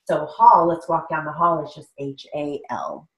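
A woman teaching steno theory, dictating sentences slowly and spelling out words letter by letter. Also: low voice. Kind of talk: dictation lesson with explanations.

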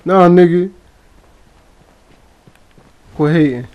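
A young man commentating his own gameplay, profane and excitable, talking to himself as he plays. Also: high voice, very slow, muffled recording. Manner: profane, excitable, talks to himself while playing. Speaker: gaming streamer.

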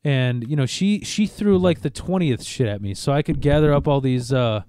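A man's voice: mid-range voice, moderate pace, dry recording, clean studio sound. A man in casual chat, telling a long story with lots of swearing and acting out what others said. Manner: animated, profane, acts out quotes. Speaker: podcast co-host.

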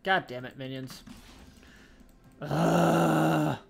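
A man giving live gameplay commentary on his match, ranting with a steady stream of profanity and exasperation. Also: on the high side, very slow, gravelly.

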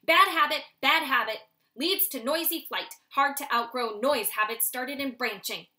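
A woman's voice: sits high, unhurried, pushed and bright, heavily acted. A woman voicing a stern owl father. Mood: stern lecturing. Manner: lecturing, strict. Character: stern male owl father teaching his son.

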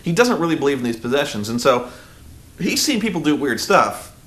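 A man in his thirties rambling in a casual vlog, groggy and animated, full of fillers and restarts, acting out quotes in bursts. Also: on the high side, a little fast. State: groggy, just woken up. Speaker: vlogger reviewing a film.

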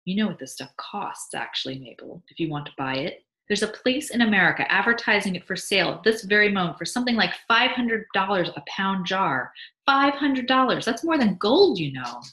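A woman's voice: medium pitch, very animated, a little fast, sharp tone, pitched above the performer's own voice. Woman reading as smug grinning beekeeper husband. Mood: boastful. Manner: teasing, pleased with himself. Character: sly, smug male beekeeper, grinning and boastful. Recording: echoey room.

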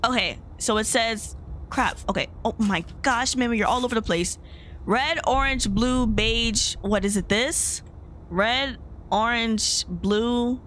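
A woman's voice: fairly high pitch, takes it slowly, fairly bright tone, slight background noise. A woman hosting a gameplay video, chatting casually to her viewers and getting easily startled. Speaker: gaming video host.

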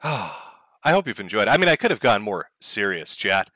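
A man's voice: fairly low pitch, very animated, normal speed, pushed and bright, no room sound, studio quality. A man hosting a livestream, giving sarcastic, profane, mocking commentary. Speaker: streamer host.

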